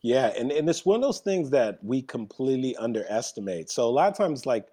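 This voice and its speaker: A man with a medium-pitched voice and a fairly quick pace tells a personal story as a guest on a podcast interview. He's an animated storyteller who acts out the voices and quotes in it.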